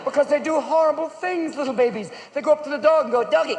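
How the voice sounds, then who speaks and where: A man performing a stand-up comedy routine on stage, manic and rapid-fire, darting into silly voices, recorded live with a roaring audience. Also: very high-pitched, background noise. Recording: roomy live show recording, loud audience laughter.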